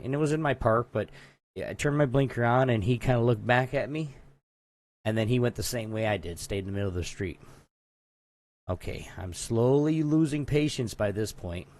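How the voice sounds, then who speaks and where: A man's voice: mid-range voice, a little mellow. A man co-hosting a podcast, telling a long story in casual chat, rambling with lots of asides. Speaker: podcast co-host.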